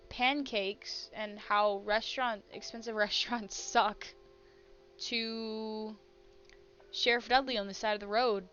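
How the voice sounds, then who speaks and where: A woman's voice: mid-range voice, a bit bright, smooth. A young American woman streaming a game, chatting casually, laughing often and jumping between topics. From United States. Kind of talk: casual game-playing commentary. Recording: slightly muffled stream mic.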